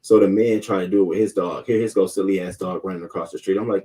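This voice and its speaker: A man rants in a heated, profane stream of talk while greeting chat viewers by name. His voice sits low and mellow. He sounds set back from the microphone. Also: fairly even intonation, quick pace, few pauses, distant mic. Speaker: host. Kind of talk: casual live-stream rant.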